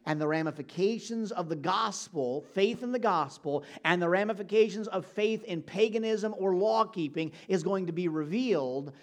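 A man preaching a sermon, speaking earnestly and directly to his congregation. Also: on the high side. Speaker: pastor.

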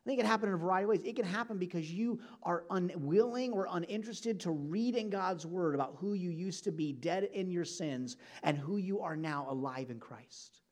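Man, pastor, sermon, high-pitched, earnest, direct address. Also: brisk, few pauses.

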